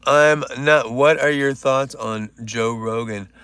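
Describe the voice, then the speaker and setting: A man's voice: mid-range voice, takes it slowly, fairly bright tone, smooth, dry recording. A man doing casual stand-up on a live stream, rambling, swearing and joking with his viewers.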